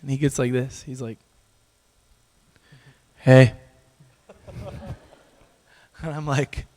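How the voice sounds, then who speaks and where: A man preaching, telling a story with lively acted-out dialogue and frequent laughter. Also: mid-range voice, brisk. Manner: animated storyteller, acts out dialogue, laughs often. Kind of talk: sermon storytelling. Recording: echoey hall with long reverb.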